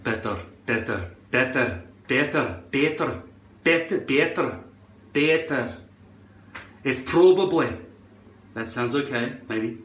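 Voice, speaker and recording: A man's voice: mid-range voice, lively intonation, slow pace, pauses often, fairly bright tone, roomy sound, slight background noise. A man doing a playful put-on Scottish accent, swearing now and then, while casually explaining how to attach a hairpiece in front of a mirror at home. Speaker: hairpiece vlogger.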